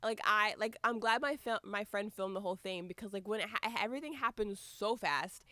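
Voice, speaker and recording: A woman's voice: medium pitch, a little fast, pushed and bright. A woman co-hosting a podcast, telling a story in casual chat with lots of laughter and acted-out quotes. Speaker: podcast co-host.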